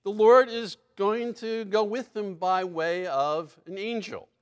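A man preaching a sermon, reading scripture aloud with lively emphasis and breaking into asides and small laughs. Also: high-pitched, takes it slowly, clear, resonant tone.

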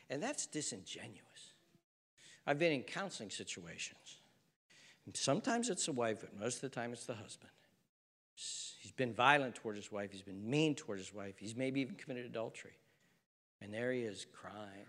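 A middle-aged man preaching a sermon as a pastor, swinging from loud exhortation to hushed intensity. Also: medium pitch, expressive, moderate pace, big-room sound.

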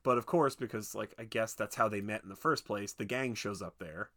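A young man casually retelling a film's plot, rambling with many fillers and restarts, slipping into quick voices for the characters. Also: lowish voice, pushed and bright. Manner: rambling, lots of "like" and restarts, acts out quotes. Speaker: podcast co-host recapping a film. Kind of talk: casual chat.

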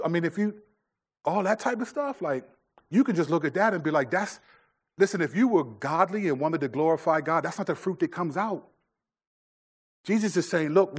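Husky and fairly high in pitch, this middle-aged man's voice delivers a sermon in a loose, conversational style. The pastor restarts often and leans on plenty of fillers.

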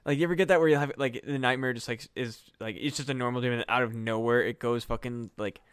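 A man's voice: medium pitch, fairly even intonation, fast, clean tone, dry recording. Rambling, swearing man on a dry mic. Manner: rambling, heavy on fillers and swearing. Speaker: podcast co-host. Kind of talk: casual comedy podcast chat.

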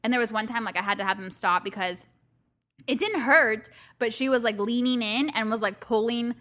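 A woman's voice: fairly high pitch, moderate pace, a bit bright. A woman co-hosting a podcast, chatting casually, swearing freely and laughing often while she tells a story. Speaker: podcast co-host. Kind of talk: casual chat.

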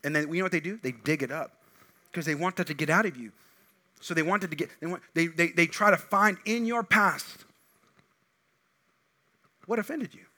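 A middle-aged man preaching from the pulpit, his voice bright and a touch higher than most. He is animated, throwing out loud, emphatic bursts and then dropping into quiet, low asides. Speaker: pastor. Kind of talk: sermon.

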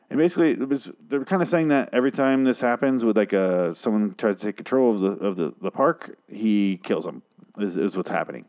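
A man's voice: on the low side, fairly quick, darkish tone. Rambling, profane man recapping a show. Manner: profane, rambling, self-mocking. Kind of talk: casual episode recap.

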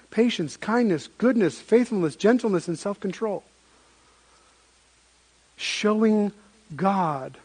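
Man, pastor, sermon, fairly high voice, lively storytelling, restarts phrases. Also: breathy edge. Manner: animated storytelling with frequent restarts.

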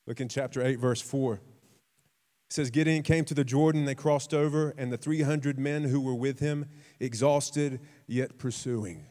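A man preaching a sermon, telling stories with acted quotes, repeating himself and dropping suddenly to a quiet voice. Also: mid-range voice, fairly even intonation, measured pace. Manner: repeats and restarts words, conversational.

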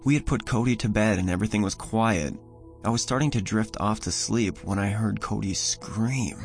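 A man narrating a first-person horror story in a measured, somber way. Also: fairly low pitch, gravelly. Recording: voice over soft music.

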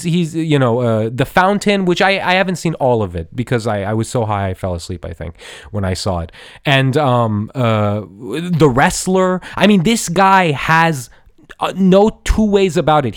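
A man's voice: fairly high pitch, dry recording, clean studio sound. A man in his thirties hosting a podcast, gushing about a film in a profane, stammering rush full of "dude" and restarts. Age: 30s. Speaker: podcast host. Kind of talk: excited film review monologue.

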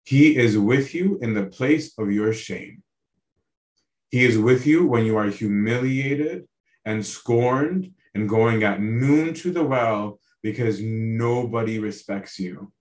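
A man preaches as a priest, talking earnestly to his listeners and checking in with them as he goes. His voice sits at an ordinary middle pitch. The recording carries a noticeable roomy echo. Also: slow pace, darkish tone. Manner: earnest, asks listeners direct questions; conversational, tags lines with "right?". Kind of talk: sermon on a Bible passage.

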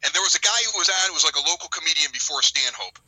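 A man, a radio host and guest on a podcast, telling a story in an animated way, stumbling over repeated words and acting out quotes. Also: fairly high pitch, very fast, no room sound, poor audio.

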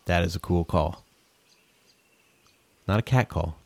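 A man's voice: low voice, takes it slowly, heavy background noise. A man giving casual reaction commentary on bird sounds, joking, exclaiming and swearing.

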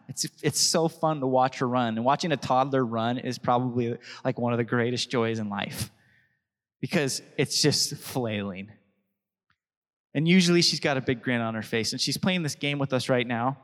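A man's voice: medium pitch, fairly bright tone, long reverb tail. A young adult man preaching a sermon as pastor, chatty and anecdotal, often laughing between thoughts.

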